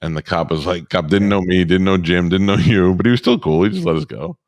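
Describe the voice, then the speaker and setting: A man's voice: low voice, lively intonation, a little fast, gravelly, a little mellow, dry recording. A man co-hosting a podcast in casual chat, blunt and telling stories with acted-out dialogue. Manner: blunt, storytelling with reenacted dialogue. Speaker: podcast co-host.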